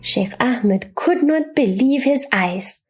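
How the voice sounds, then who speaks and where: A woman narrating a religious children's story in a slow, expressive, reverent manner. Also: a little high, faint music behind.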